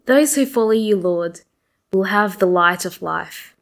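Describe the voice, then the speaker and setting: A woman serving as lector at Mass, reading the psalm verses and the Gospel acclamation in a measured way. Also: mid-range voice, gravelly. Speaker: lector and cantor. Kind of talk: reading and leading the responsorial psalm.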